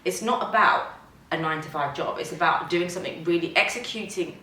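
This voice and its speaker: A woman's voice: on the low side, brisk, pushed and bright, slight background noise. A woman, a company founder as guest, talking enthusiastically in a casual chat and agreeing often. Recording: roomy sound from some distance.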